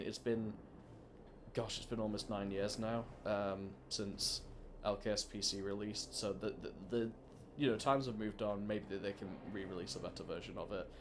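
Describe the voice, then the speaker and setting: A man with a fairly low voice talks through a video game in loose, rambling commentary. He restarts sentences often and leans on fillers, with faint noise underneath. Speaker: let's play host. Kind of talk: casual gameplay commentary.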